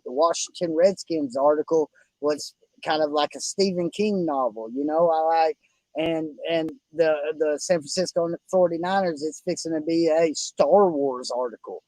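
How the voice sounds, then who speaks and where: A man with a twangy Oklahoma country accent, talking in a high, bright register. He is a folksy, effusive podcast host who keeps tossing in "buddy" and "brother". The sound is close and dry, with no room around it. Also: normal speed, no echo, low-quality recording. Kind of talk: casual fantasy football chat.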